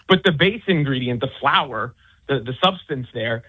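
A man's voice: medium pitch, animated, normal speed, slightly rough. A man who writes about sports, speaking as a guest on a call-in interview, rambling with many restarts and fillers. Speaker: author and sports commentator. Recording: tinny phone line.

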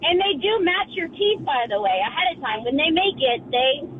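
A woman calling into a radio show, telling her story in a chatty, animated way over a phone line. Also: high-pitched, moderate pace. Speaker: caller. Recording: tinny phone line with faint hiss.

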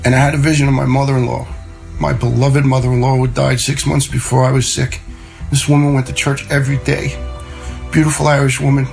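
A man's voice: medium pitch, flat delivery, a little fast, creaky, a little mellow, soft background music, poor audio. A middle-aged man telling a personal story in a plainspoken, conversational way, often repeating words as he goes. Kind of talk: personal story told to listeners.

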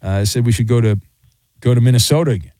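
A man's voice: fast talker, warm tone, no echo. A man hosts a sports radio call-in show and teases his callers in a playful, easygoing way. His voice sits in a middle range and swoops up and down as he jokes. The sound is dry and close, with no room around it. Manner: teasing, playful, wide swings in pitch. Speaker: radio host. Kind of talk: casual sports radio chat.

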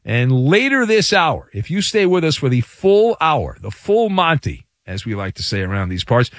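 A man hosting a sports talk radio show, delivering a playful, hyperbolic monologue with dramatic pauses. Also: a little high, big pitch swings, no room sound, studio quality.

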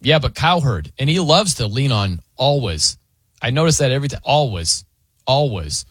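A radio host riffs casually with his co-host, laughing often and slipping into impressions of other people's pronunciations. His voice is bright, and his pitch swings widely. The studio sound is dry and close. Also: sing-song, fairly quick, slightly rough, dry recording.

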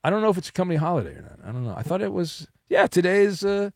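A man's voice: high-pitched, expressive, rapid-fire, no echo, clean studio sound. Joking man hosting a sports call-in show. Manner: joking, teasing callers. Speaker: sports radio host.

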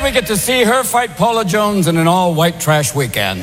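A man doing a manic live stand-up routine on a club stage, shouting and jumping into silly voices. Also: high-pitched, very animated, moderate pace. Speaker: stand-up comedian. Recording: live set with loud crowd and hiss.

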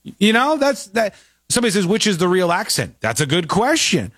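An animated man reacting and chatting on a casual show, his pitch swinging widely and sitting a little high. He repeats himself and laughs often, recorded close and dry. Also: fairly quick, husky, dry recording. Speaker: show host.

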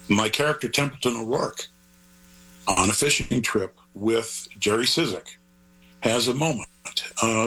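Husky and sharp-toned at a mid-range pitch, this grandfather speaks as an author guest in a conversational interview over a rough recording. He's earnest but rambles and wanders off on digressions.

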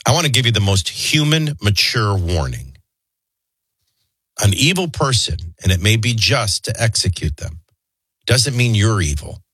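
A man's voice: fairly low pitch, very animated, normal speed, fairly bright tone, husky, no echo. A man hosting a talk radio show, stuffy and congested, rambling in a wry, conversational way. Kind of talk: casual talk radio chat.

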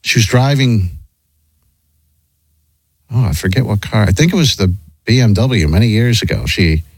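A middle-aged man rambles through a story with many restarts, acting out the other people in it. His pitch swings up and down a lot. The sound is dry and close, with no room around him. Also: moderate pace, slightly rough, no echo. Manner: rambling, animated, lots of restarts and acted quotes. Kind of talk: casual storytelling chat.

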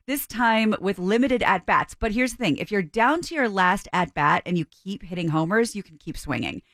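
A woman's voice: medium pitch, expressive, moderate pace, a bit bright, no room sound. Laughing woman reading radio news. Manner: laughs often, jokey asides. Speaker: radio show news reader. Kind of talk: casual radio banter.

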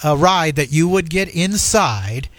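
A man's voice: fairly high pitch, animated, measured pace, dry recording. A man co-hosting a morning show, telling a story in an earnest, emphatic way. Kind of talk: casual chat.

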